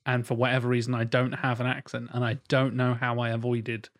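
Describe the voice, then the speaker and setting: A man chatting on a podcast at an even, middling pitch. He tells family anecdotes with plenty of energy and drops the odd swear word along the way. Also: fairly quick, no echo, studio quality. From England. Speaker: podcast co-host. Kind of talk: casual chat.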